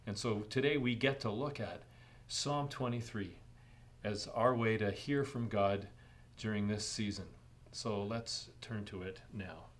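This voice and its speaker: A middle-aged man pastor preaching a sermon in a measured way, rising in emphasis on key points. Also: fairly low pitch.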